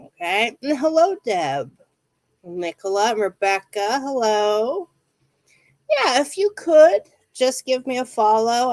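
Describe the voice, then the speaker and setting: A woman from Ohio hosting a casual livestream from home, chatty and energetic as she talks to her viewers. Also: medium pitch, no echo. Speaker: livestream reader.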